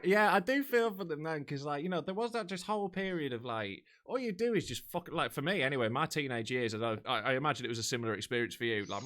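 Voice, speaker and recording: A man's voice: on the high side, fairly bright tone. A British man, a comedian, hosting a casual online chat show from home over a video call, rambling and swearing freely. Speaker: comedian host.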